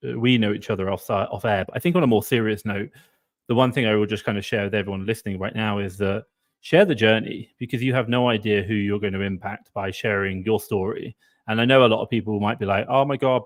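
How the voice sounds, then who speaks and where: A man co-hosting a casual live stream over a video call, chatty and upbeat with quick asides. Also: on the low side.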